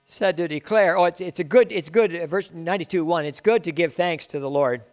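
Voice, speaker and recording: Middle-aged male pastor, sermon delivery, slightly higher voice, big swings between loud and soft. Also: a little fast. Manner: preacher who swings from loud declarations to hushed asides.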